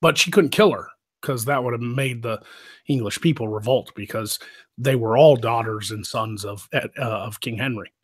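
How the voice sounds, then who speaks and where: Husky-voiced man chatting casually. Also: medium pitch, moderate pace. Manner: loose, profane storytelling with frequent laughs. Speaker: live stream host. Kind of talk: casual chat.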